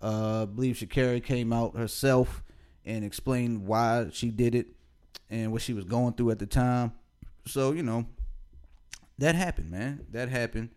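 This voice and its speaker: Man, podcast co-host, relaxed casual talk, laughs a lot, repeats himself. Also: mid-range voice, a little slow, clean tone. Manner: laid-back, laughs often, repeats phrases. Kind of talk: casual chat.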